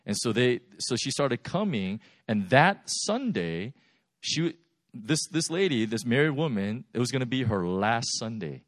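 Animated pastor telling a story. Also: male voice, medium pitch, measured pace, no echo, studio quality. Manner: animated, lively storytelling with laughs. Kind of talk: sermon storytelling.

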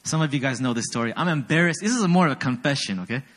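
A young adult man giving a sermon, an animated storyteller who teases himself and keeps checking in with his listeners. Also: mid-range voice, rapid-fire. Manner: animated storyteller, self-deprecating, asks the audience often. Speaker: pastor.

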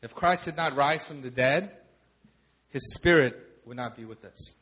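A man preaching a sermon, building emphatic repeated phrases up to loud declarations. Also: mid-range voice, measured pace, slightly rough.

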